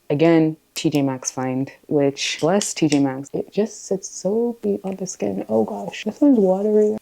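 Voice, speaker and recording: A woman in her late twenties, born in Zimbabwe and raised in the US, talks through her get-ready routine in a casual, chatty way. Her voice sits on the low side and sounds warm and mellow. She breaks off for playful, joking asides. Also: a little hiss or hum. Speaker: beauty vlogger.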